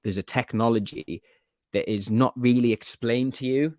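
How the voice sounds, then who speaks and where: Animated man with a Geordie accent. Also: mid-range voice, moderate pace, no room sound, clean studio sound. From Newcastle, England. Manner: animated, swears freely, laughs loudly. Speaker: podcast host. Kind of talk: casual chat about films.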